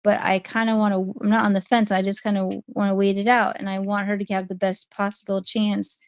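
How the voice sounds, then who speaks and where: A woman hosts a casual livestream and answers her chat one comment at a time. Her voice has a gravelly fry under it. The sound is dry and a little dull, like lo-fi stream audio. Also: medium pitch, little pitch movement, a little fast, dry recording. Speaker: livestream host.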